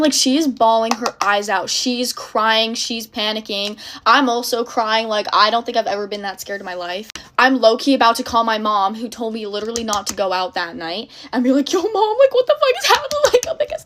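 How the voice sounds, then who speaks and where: Young woman, storytime vlog, animated filler-heavy delivery, fairly high voice, faint background hiss. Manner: animated, breathless retelling with many fillers. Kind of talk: casual storytime.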